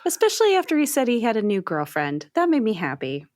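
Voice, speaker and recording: A woman's voice: a little high, huge pitch swings, fast talker, no echo, clean studio sound. A woman co-hosting a show, chatting casually and agreeably. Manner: warm, agreeable, encouraging. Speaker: podcast co-host. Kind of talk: casual chat.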